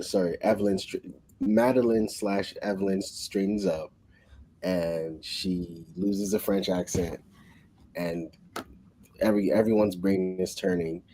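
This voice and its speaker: A man co-hosting a casual book discussion, recapping the plot in an excitable, rambling way with lots of restarts. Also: low voice, low-quality recording. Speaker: book club co-host.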